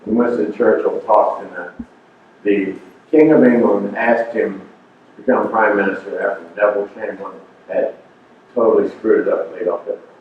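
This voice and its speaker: A man's voice: on the low side, fairly even intonation, moderate pace, slight background noise. An older man giving an emphatic, preachy motivational talk as a guest speaker, repeating his points. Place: community center hall. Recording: echoey hall, far off, dull sound.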